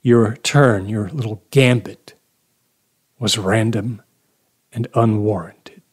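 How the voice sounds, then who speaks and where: A man voicing a desperate, bitter middle-aged male stranger who accuses and pushes harder and harder, often near shouting. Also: on the low side, fairly even intonation, slow, husky. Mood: cold.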